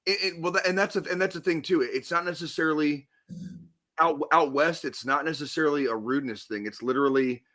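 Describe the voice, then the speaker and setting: A man co-hosting a podcast in loose, profane talk, rambling through stories and laughing a lot. His voice sits a little high and sounds bright and crisp. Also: brisk. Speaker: podcast co-host. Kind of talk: casual chat.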